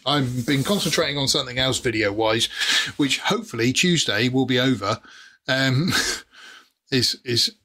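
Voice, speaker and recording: Man, middle-aged, podcast host, bright tone, chatty, jokey, filler-heavy. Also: mid-range voice. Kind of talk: casual podcast chat.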